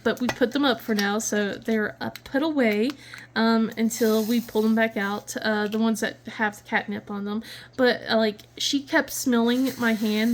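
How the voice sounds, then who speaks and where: A woman's voice: on the high side, slight background noise. A woman hosting a crafting channel, chatting casually and rambling, laughing often. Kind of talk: casual chat.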